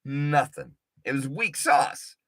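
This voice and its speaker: A man co-hosting a show, chatting casually in an animated, profane, rambling way. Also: on the high side, slow, dry recording. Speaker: podcast co-host. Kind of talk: casual chat.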